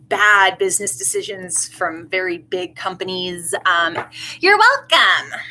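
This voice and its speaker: A woman's voice: lowish voice, pushed and bright, a little hiss or hum, poor audio. A woman giving a casual live tarot reading, chatty and effusive with many asides. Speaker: tarot reader.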